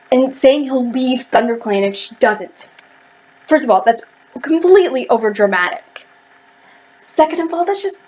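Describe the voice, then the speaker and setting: A woman's voice: fairly high pitch, darkish tone, low-quality recording. A woman ranting heatedly in a casual book review, rambling with lots of fillers and restarts.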